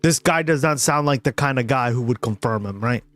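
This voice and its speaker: A man's voice: medium pitch, brisk, a bit bright, no room sound, soft background music. Chatty man saying "right?" a lot. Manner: rambling, keeps adding "right?". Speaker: streamer commenting on news. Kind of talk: casual political commentary. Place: his parents' house.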